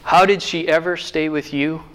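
A man with a fairly high voice preaching a sermon. He reads scripture in slow, weighty phrases and then slips into easy, joking asides. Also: steady tone, slight background noise. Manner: reads scripture slowly, then jokes warmly with the crowd.

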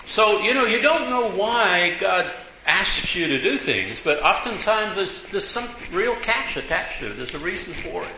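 A man's voice: high-pitched, sing-song, moderate pace, hardly any pauses, sharp tone, echoey room, highs cut off, a little hiss or hum. A man preaching a sermon, telling a story in a chatty way, full of asides, and acting out the voices in it.

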